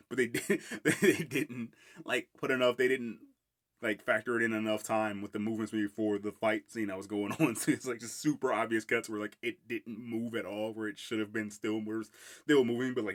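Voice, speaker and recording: Rambling, laughing man reviewing a film. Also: fairly low pitch. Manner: rambling, laughs often, swears freely. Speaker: podcast host. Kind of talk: casual solo film review.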